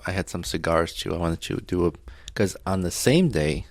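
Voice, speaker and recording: Lowish-voiced guy on a beer podcast, blunt, swears a lot, dry mic. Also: normal speed, no echo. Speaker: podcast co-host. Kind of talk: casual banter over beer.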